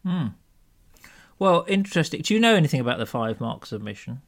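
A man's voice: fairly high pitch, sing-song, fairly quick, creaky. A man co-hosting a casual podcast, hesitant with lots of ums and restarts and a dry humour. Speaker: podcast co-host. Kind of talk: casual chat.

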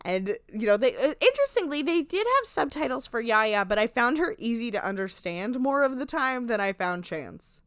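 Animated Jersey woman recapping. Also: fairly high pitch, normal speed, few pauses, smooth, no room sound, studio quality. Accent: New Jersey. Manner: animated, laughing, profane. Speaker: podcast host. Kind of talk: casual recap chat.

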